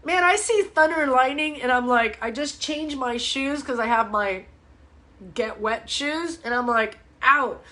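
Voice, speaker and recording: A high, bright-toned woman coaching her viewers on a casual live stream. She talks bluntly and with fired-up energy, calls people out and swears freely. Her voice sits high and carries a bright, forceful edge. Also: unhurried. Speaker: fitness coach hosting a live ask-me-anything show. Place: home, speaking to a live audience online.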